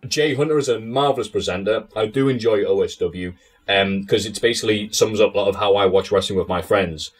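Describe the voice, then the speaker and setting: A man's voice: on the low side, brisk, husky. A man who is a podcast guest, chatting casually in a sardonic way, swearing and laughing often. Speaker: interview guest.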